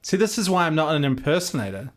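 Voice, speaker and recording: A man co-hosting a casual podcast chat, animated and playful, often trailing off mid-sentence. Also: on the high side, fast talker. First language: not American English. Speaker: podcast co-host.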